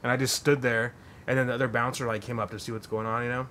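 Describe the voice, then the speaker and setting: A podcast host tells a long story casually, rambling and swearing with lots of fillers. He talks fast at a medium pitch with a level tone that sounds pushed and bright, and there's a little hiss or hum.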